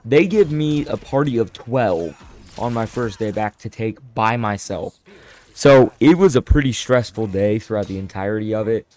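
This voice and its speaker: A young man telling a casual storytime, animated and self-deprecating, often restarting his sentences. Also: lowish voice, normal speed. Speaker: storyteller vlogger.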